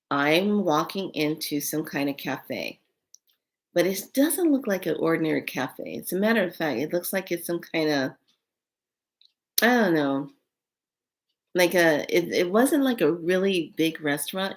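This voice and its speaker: A woman speaks to camera in a casual storytelling vlog. Her voice sits on the low side and her delivery is unhurried, almost drawn out, yet she grows animated and exclaims, with plenty of fillers. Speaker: spiritual vlogger.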